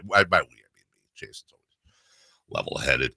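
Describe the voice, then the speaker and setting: A man's voice: mid-range voice, wildly swooping pitch, bright, forceful tone, no echo, clean studio sound. A man hosting a morning sports radio show, joking and laughing with his co-host and callers. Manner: jokey, laughs often, quick to riff. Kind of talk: casual sports radio chat. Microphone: studio microphone.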